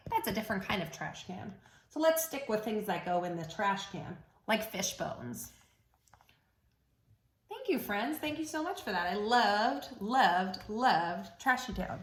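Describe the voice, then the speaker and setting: A woman's voice: fairly high pitch, a bit bright, reverberant. A woman reading a picture book aloud to young children in a playful, sing-song storytime voice, leading them in call-and-response chants. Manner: playful, encouraging teacher voice.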